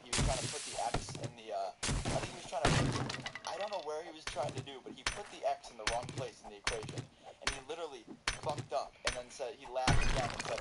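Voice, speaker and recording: Man, casual storytelling, rambling, swears a lot, heavy background noise. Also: medium pitch. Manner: rambling, swears often, laughs at own story. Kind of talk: casual storytelling over gameplay.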